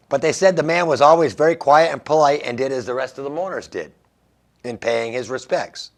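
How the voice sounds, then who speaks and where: A man's voice: mid-range voice, moderate pace, long pauses. A man hosting a radio show, reading odd news stories and making wry jokes about them, laughing at his own lines. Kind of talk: casual comedic news commentary.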